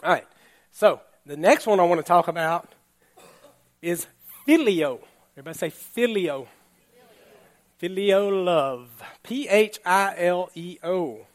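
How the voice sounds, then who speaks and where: A man pastor giving a relaxed, conversational sermon, laughing now and then and often checking in with the congregation. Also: sits high, unhurried, pauses often. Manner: chatty, laughing, keeps asking "all right?".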